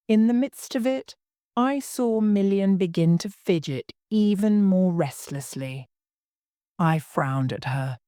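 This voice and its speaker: Woman reading a story for english learners, slow and lively, dry close mic. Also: sits low, dry recording. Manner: slow, clear and expressive reading. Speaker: story reader. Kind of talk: storybook narration for language learners.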